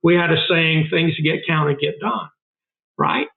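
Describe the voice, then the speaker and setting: A man's voice: a little high, steady tone, a little slow, creaky. An older man with a Southern US accent, a guest telling earnest, emphatic stories in a casual interview. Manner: emphatic, earnest, repeats for stress. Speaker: guest, food bank founder. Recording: narrow phone-like sound.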